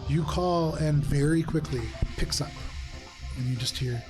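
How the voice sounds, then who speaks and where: A man narrating a tabletop game as game master, describing scenes in a relaxed, descriptive way with frequent fillers. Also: a little high, measured pace, music in the background.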